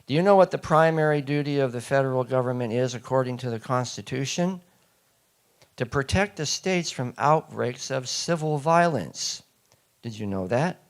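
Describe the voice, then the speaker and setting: A man speaking to a live audience in a mid-pitched voice. He is emphatic and drives his points home with rhetorical questions thrown at the crowd. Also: animated, normal speed.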